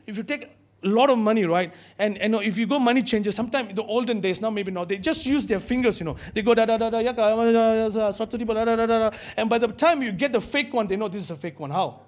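A man preaching a sermon in a church, animated and calling out to his congregation. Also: high voice. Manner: animated, call-and-response with congregation.

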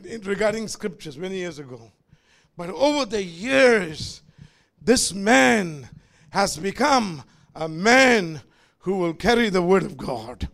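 A male pastor preaching a sermon, shouting calls for amen and dropping to quiet asides. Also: high voice, creaky. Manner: shouting call-and-response preaching, swinging between loud and quiet asides.

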